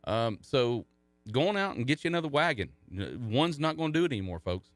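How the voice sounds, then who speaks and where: A middle-aged man co-hosting a sports talk show, loose and chatty, with jokes often at his own expense. His voice sits at an ordinary pitch and sounds dry and close, with no room around it. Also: sing-song, a little fast, dry recording. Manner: chatty, self-mocking, rambling storyteller; jokey banter. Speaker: co-host of a youth sports radio show. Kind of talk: casual radio chat.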